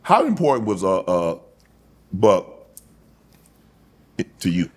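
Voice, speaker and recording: A middle-aged man hosting a casual interview, relaxed and measured, with many short affirming interjections. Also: deep voice. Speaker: host.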